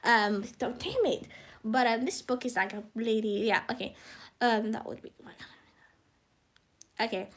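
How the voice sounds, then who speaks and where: A woman's voice: medium pitch, measured pace. A young woman live-streaming, reading from her own book in a rambling, self-conscious way, breaking off with asides to her viewers. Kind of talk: live casual reading and chat.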